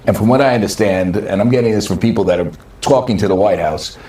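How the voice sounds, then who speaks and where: Lowish male news guy, sure of himself, echoey far-off clip sound. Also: fast, mellow. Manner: confident, insider tone. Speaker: business reporter. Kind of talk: played news commentary clip. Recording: roomy, distant clip audio.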